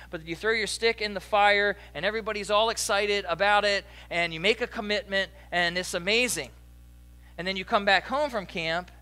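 A young adult man preaching a sermon as a pastor, in a conversational, animated storytelling way with asides to the congregation. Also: high voice.

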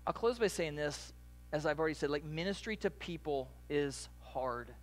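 Conversational pastor preaching, somewhat high voice. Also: male voice, normal speed. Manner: conversational preaching, animated asides. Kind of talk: sermon.

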